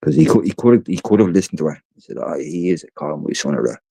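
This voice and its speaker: This Irish livestream host has a bass voice that's animated and quick, with vocal fry and a dark, slightly rough tone. Tired but chatty, he tells rambling stories indoors at home, cursing freely and repeating words, on a dry recording.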